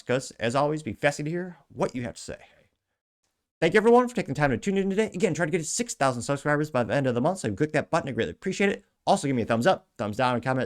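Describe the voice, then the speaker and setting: A man hosting a commentary show, reading out social media posts with sarcastic, rambling asides. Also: a little high. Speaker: show host.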